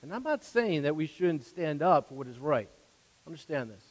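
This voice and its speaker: Pastor guy preaching, kinda high voice, earnest, goes quiet then loud, long hall echo. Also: sing-song, moderate pace. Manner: earnest, repeats words, swings from soft to loud. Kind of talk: sermon.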